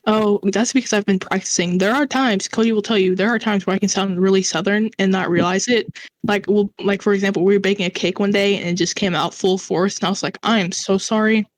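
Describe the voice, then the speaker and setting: A woman's voice: medium pitch, fairly even intonation, fast talker, no room sound. A woman cohosting a gaming podcast, chatting casually and telling anecdotes. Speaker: let's-play podcast cohost. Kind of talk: casual chat.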